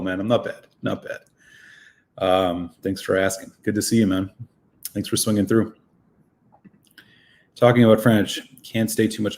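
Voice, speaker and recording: A man's voice: lowish voice, level tone, measured pace, pauses often, a little mellow. A man hosting a live whisky stream, chatting casually and greeting viewers by name, a little out of breath after a run.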